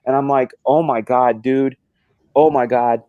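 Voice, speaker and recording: A man's voice: medium pitch, fairly even intonation, measured pace, dry recording, phone-quality sound. A man hosting a casual live stream, telling a rambling story with lots of swearing and restarts. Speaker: stream host.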